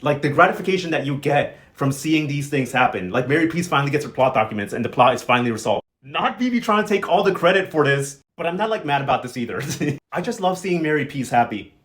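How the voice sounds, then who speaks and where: A man's voice: a little high, fast. A man recapping a soap opera in casual, gossipy commentary, acting out the characters' lines with sass. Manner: gossipy, animated, acts out characters with quoted voices. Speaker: novela recap vlogger.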